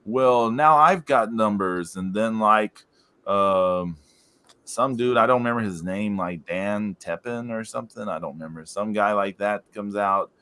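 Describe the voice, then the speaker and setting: A man's voice: fairly low pitch, normal speed, bright, forceful tone, clear, resonant tone. A man co-hosting a podcast in casual chat, rambling with lots of fillers and laughing as he recounts things. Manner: amused, laughs while recounting. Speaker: podcast co-host.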